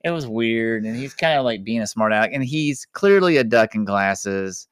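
A man co-hosting a casual movie chat, recapping the plot in a chatty way and slipping into quick quoted voices. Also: medium pitch, animated, clean tone, dry recording, clean studio sound. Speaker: podcast co-host.

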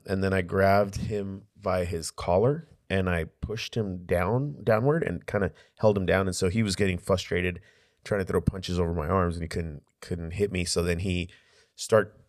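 A man's voice: deep voice, normal speed, no room sound, studio quality. A man co-hosting a casual podcast, telling a story in a laid-back way with lots of fillers and swearing. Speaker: podcast co-host.

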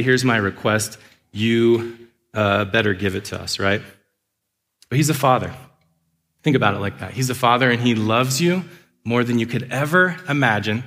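A man's voice: medium pitch, fairly bright tone. A man in his thirties preaching as a pastor, earnest, with playful acted asides. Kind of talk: sermon. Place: church sanctuary. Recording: long reverb of a large hall.

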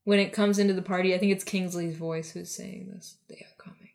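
A woman's voice: lowish voice, steady tone, fairly quick, creaky, darkish tone. A woman casually recapping a movie with a friend, rambling with lots of fillers. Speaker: podcast co-host.

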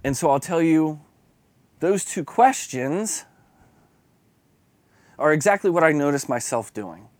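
A man's voice: a little high, expressive, measured pace, pauses often, no echo. A man preaching an earnest, confessional devotional sermon that builds to fervent emphasis.

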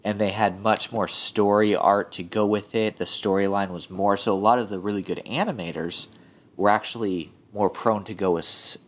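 A man's voice: lowish voice, steady tone, moderate pace. A man in casual chat as guest, explaining at length with many fillers.

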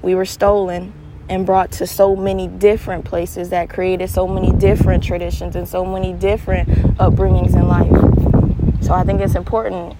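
Animated young woman podcaster. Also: fairly low pitch, normal speed, noisy background. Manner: animated storyteller, laughs often, swings to earnest advice. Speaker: podcast host. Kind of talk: casual solo monologue.

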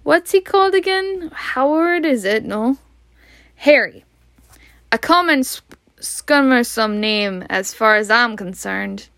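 A curt, scornful housewife from a storybook, put on by a woman reading aloud. She speaks with a Scottish accent, fairly high and clipped. The sound is dry and close. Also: animated, slow, fairly bright tone, no room sound, heavily acted. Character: sharp-tongued disapproving suburban housewife.

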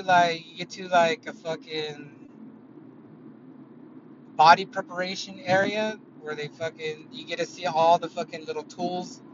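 A man telling a story in a casual, rambling way, swearing a lot and using many fillers, recorded inside a car. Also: a little high. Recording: dull lo-fi audio with loud car noise.

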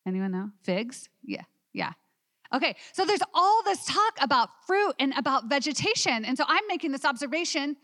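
A woman teaching a women's Bible study class, animated and asking her listeners questions. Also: fairly high pitch, dry recording, studio quality.

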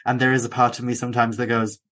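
A young man with a Welsh accent, hosting a podcast and chatting casually, with quick asides and frequent restarts. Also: medium pitch, little pitch movement, fairly bright tone. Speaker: podcast host. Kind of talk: casual conversation.

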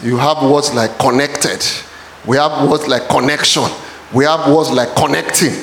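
A man preaching a sermon in a church, often shouting calls to the congregation. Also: medium pitch, steady tone, measured pace, a little hiss or hum. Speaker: pastor. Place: church hall. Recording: echoey church hall.

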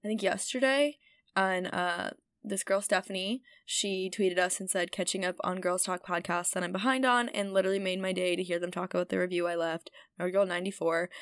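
A woman's voice: mid-range voice, clean tone, dry recording. A young woman co-hosting a podcast in casual chat, bubbly and giggly, rambling through her thoughts. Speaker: podcast co-host.

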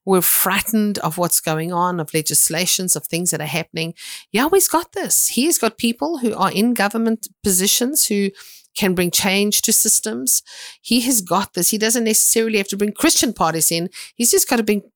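Middle-aged woman minister, earnest, exhorting, lively storyteller, dry close sound. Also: mid-range voice, moderate pace, no room sound. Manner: earnest, exhorting, retells events with lively quoted dialogue. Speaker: prophetic minister. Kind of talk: spoken sermon with personal testimony.

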